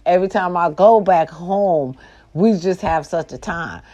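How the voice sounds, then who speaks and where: A woman telling stories casually, animated and profane, who talks straight to her listeners. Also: fairly low pitch, a little slow, highs cut off. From American South. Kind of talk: casual storytelling.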